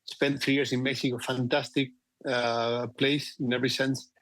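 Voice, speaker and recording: Speaking about his career as a guest executive, this Argentinian-accented man in his forties, whose first language is Spanish, leans heavily on "you know." The dry recording captures a medium, fairly bright voice with flat delivery and an ordinary pace in a conversational interview.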